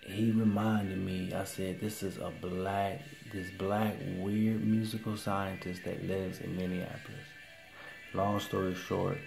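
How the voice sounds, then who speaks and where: Man, casual storytelling, low voice, gravelly, excitable, faint background music. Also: measured pace. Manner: animated, excitable retelling with repeated exclamations.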